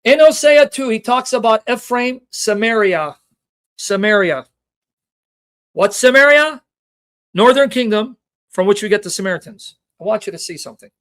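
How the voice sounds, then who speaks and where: Passionate high-voiced male Bible teacher. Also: animated, normal speed, a bit bright. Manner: passionate, emotional, addresses viewers directly; reads scripture references aloud with rhetorical questions. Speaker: Bible teacher and show host.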